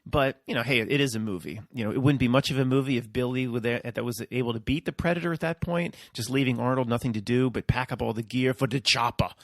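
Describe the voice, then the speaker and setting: A man's voice: mid-range voice, dry recording, studio quality. A man hosting his own video, talking in a rambling, casual monologue and often checking in with his listeners. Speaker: video host.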